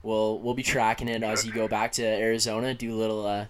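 A man's voice: fairly low pitch, little pitch movement, slight background noise. A man co-hosting a podcast, wrapping up casually with lots of fillers. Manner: friendly, filler-heavy, hurried wrap-up. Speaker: podcast co-host.

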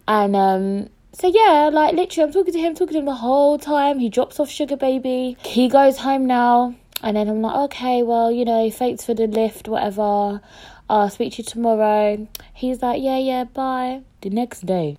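A young woman telling a casual story, animated and sweary, acting out what people said. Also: on the high side, normal speed.

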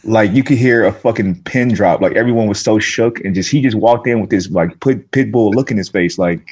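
A man in a casual podcast chat, telling a slangy story with slow emphasis. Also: fairly low pitch, a little mellow, breathy edge.

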